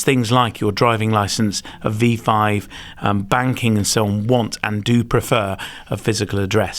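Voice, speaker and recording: A man hosting a podcast, chatting enthusiastically and giving advice with plenty of fillers. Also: fairly low pitch. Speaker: podcast host. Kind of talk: casual chat, giving advice.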